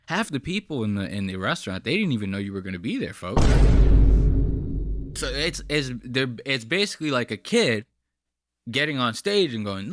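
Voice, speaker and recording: Guy ranting over a clip, bright edgy voice, swears a lot, pitch all over the place, dry sound. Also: moderate pace, dry recording. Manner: profane, mocking, animated. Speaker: reaction channel host. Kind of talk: casual commentary over a played clip.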